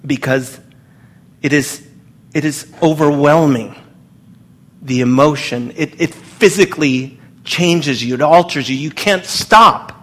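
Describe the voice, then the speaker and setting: A man preaching a sermon to his congregation in an earnest, emphatic way, pausing and restarting as he speaks. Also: a little high, fairly bright tone. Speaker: pastor.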